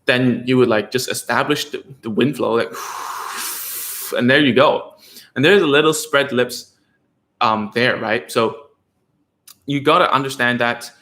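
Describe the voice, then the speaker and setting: His medium-pitched voice has a sharp tone, and the sound is reverberant. He works as a speech therapist and chats with parents in a rambling, conversational way, using lots of fillers and checking in with "okay?"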